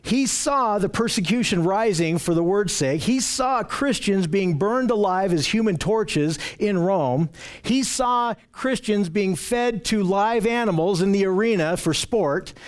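A man's voice: high voice, lively intonation, a little slow. A man preaching a sermon, teaching earnestly and emphatically, often repeating phrases for stress.

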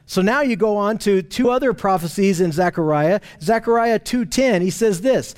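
A man preaching a sermon in an earnest teaching tone, slowing down to stress scripture. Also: sits high, expressive.

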